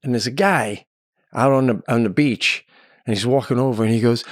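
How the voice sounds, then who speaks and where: A middle-aged man telling a story in casual chat on a podcast, swearing and acting out the yelling in it. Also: medium pitch, a little fast, no room sound, studio quality. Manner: animated, swears a lot, acts out yelling in his stories. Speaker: podcast co-host.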